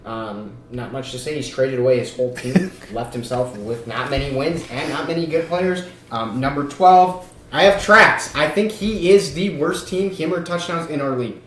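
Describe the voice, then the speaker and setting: A man's voice: fairly high pitch, normal speed, a bit bright. Young guy rambling about his league picks, lots of ums, roomy echo and light hiss. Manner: rambling, filler-heavy, joking. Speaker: podcast host. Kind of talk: casual fantasy football chat. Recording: echoey room with faint noise.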